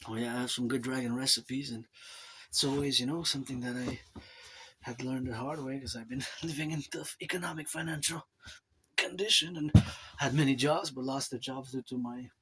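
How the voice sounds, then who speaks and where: A man's voice: medium pitch, steady tone, normal speed, bright, forceful tone, a little hiss or hum. A man from Montreal with a Quebec accent, talking in a loose, rambling monologue to camera and dropping asides like "eh?". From Canada. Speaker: vlogger.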